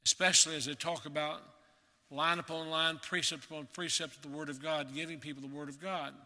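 A man preaching a sermon in a measured, emphatic way, repeating key words for weight. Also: on the high side, pushed and bright, big-room sound.

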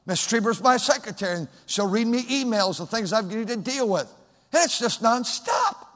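A man preaching a sermon in a high voice, his words ringing through a long hall reverb. He shifts from loud, urgent exhortation to hushed, gentle talk, like a pastor in full flow. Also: animated, normal speed. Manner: preaching with strong swings from loud exhortation to soft, quiet talk.

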